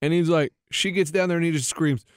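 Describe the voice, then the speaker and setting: A man, co-hosting a radio talk show and telling a story with lively delivery. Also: on the high side, a little fast, dry recording, studio quality. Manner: animated storyteller acting out a whining child. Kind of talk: casual storytelling chat.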